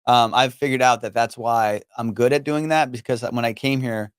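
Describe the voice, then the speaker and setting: A laid-back man from Iran chatting casually on a podcast, swearing often and tossing in "you know" constantly. His voice sits at an ordinary middle pitch, recorded close and dry. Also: fairly even intonation, moderate pace, clean tone, no room sound. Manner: loose and profane, many fillers like you know. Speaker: comedian guest.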